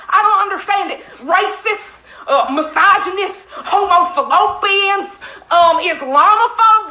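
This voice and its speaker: Super high-pitched woman yelling through a silly rant, really sharp tone, slow delivery. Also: expressive. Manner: exaggerated, shouting and laughing. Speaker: comedy video creator. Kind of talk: comic rant skits. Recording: roomy echo, faint music.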